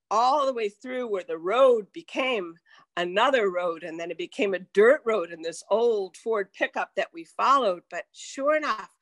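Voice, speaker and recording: An older woman telling a personal story in a slow, deliberate way, dropping to a whisper at tense moments. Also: a little high, fairly bright tone, no echo. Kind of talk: personal story told to an audience.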